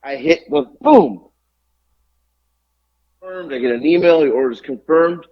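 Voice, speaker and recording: A man's voice: a little high, normal speed, highs cut off. A man co-hosting a podcast, telling a long exasperated story full of swearing. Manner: animated, profane, exasperated ranting. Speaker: podcast co-host. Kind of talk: casual storytelling rant.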